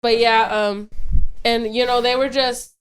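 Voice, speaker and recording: A woman's voice: on the high side, fairly even intonation, measured pace, clean tone. A young adult woman telling a story in casual podcast chat, rambling and repeating herself.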